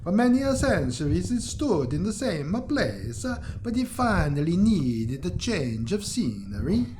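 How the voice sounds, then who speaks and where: A matter-of-fact local woman, spoken well above a man's usual register with a lilting put-on accent, as a male reader puts her on. Her tone is mellow and unhurried. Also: sits high, big pitch swings, slight background noise, pitched above the performer's own voice.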